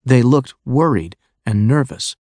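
A man narrating a graded-reader audiobook in a clear, measured way. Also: medium pitch, animated, a little mellow, no echo.

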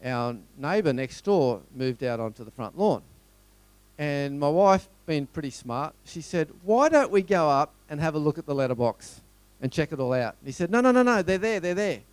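Speaking to a live audience, a middle-aged man with an Australian accent gives a conversational, story-driven motivational talk packed with rhetorical questions. His slightly high voice has a darkish, clean tone and lively intonation. He talks at a normal speed, and there's no echo.

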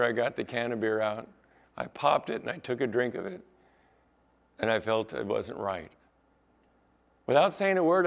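A male pastor preaching a sermon, emphatic at times and dropping to a soft storytelling voice. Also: mid-range voice. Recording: dull lo-fi sound.

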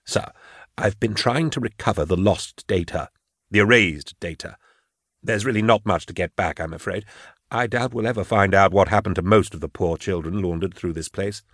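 A man's voice: low-pitched, normal speed, a bit bright, no room sound, clean studio sound. A man voicing a fussy, edgy young male interrogator who talks in a prim, jumpy, overly polite way in an audiobook.

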